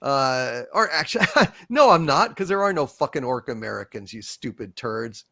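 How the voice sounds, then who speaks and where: A man's voice: mid-range voice, sing-song, normal speed, creaky, pushed and bright, no room sound, studio quality. A man hosting a live-stream panel show, ranting angrily and swearing constantly. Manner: profane, angry ranting.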